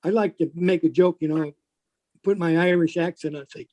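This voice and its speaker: A man's voice: on the high side, fairly even intonation, moderate pace, darkish tone, poor audio. A man in his seventies, a veteran recalling a battle bluntly and swearing freely. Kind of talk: unscripted recollection.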